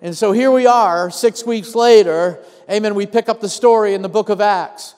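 High-voiced preacher in a reverberant church. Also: male voice, normal speed, darkish tone, clear, resonant tone. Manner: storytelling preacher, calling out "amen" and "come on" to the congregation. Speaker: pastor. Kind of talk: sermon.

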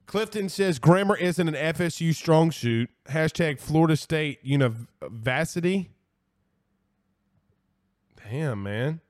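A man with a slightly high-pitched voice hosts a casual sports live stream. He talks bluntly and repeats himself for emphasis. His delivery is animated, and now and then he curses and apologizes for it. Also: slow pace. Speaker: host of a college football show. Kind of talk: casual live-stream chat reading viewer comments.

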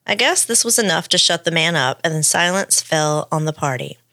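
A woman's voice: low-pitched, animated, normal speed, hardly any pauses, pushed and bright, dry recording, studio quality. A woman co-hosting a podcast, reading a story aloud with playful asides. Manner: reads the script with playful asides. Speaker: podcast co-host.

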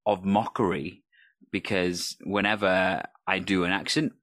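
A man who performs improv, speaking with earnest, emphatic enthusiasm. His voice sits on the lower side, and the recording is dry and close. He talks in a conversational podcast style. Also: fairly even intonation, measured pace, fairly bright tone, dry recording. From United Kingdom. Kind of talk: conversational discussion.

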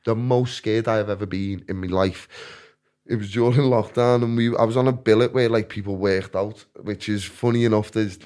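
A man's voice: on the low side, fairly even intonation, moderate pace, a little mellow. A man telling rambling, self-mocking stories in a casual podcast chat, often restarting his sentences.

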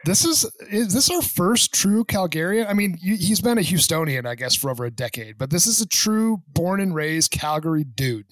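A man's voice: sits high, expressive, moderate pace, hardly any pauses, no room sound. A man hosting a podcast, chatting in a playful, joking way. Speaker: podcast host. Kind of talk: casual podcast chat.

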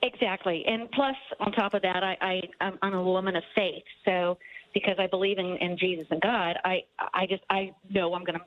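A woman caller on a tinny phone line, her voice a little low. She speaks earnestly and haltingly, stumbling over repeated words. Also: steady tone. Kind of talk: personal testimony on radio.

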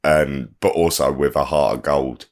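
A man's voice: very deep voice, steady tone, a little slow. A man, co-hosting a casual podcast chat in a cocky, jokey way. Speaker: podcast co-host. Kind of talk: casual banter.

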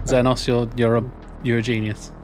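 A man's voice: medium pitch, little pitch movement, a little fast, a little hiss or hum. A man playing a tabletop game, joking and reading chat comments aloud. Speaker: player.

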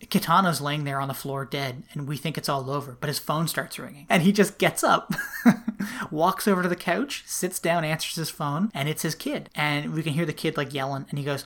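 A man's voice: a little high, steady tone, normal speed, fairly bright tone. A man co-hosting a podcast, casually retelling a film plot, chatty with frequent laughs and lots of "like". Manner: chatty storytelling, laughs often, many "like"s. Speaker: podcast co-host. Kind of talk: casual film recap chat.

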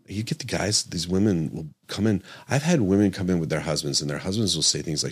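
A man's voice: sits low, fast, few pauses, slightly rough. A middle-aged man, a doctor hosting a podcast, talking earnestly and emphatically, repeating his points and correcting himself aloud. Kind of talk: podcast monologue.

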